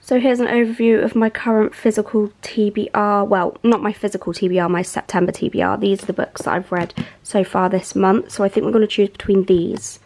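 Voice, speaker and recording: A woman's voice: mid-range voice, steady tone, fairly quick, hardly any pauses, darkish tone, a little hiss or hum. A young woman chatting casually about books in a reading vlog at home, gushing and full of fillers. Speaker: book vlogger.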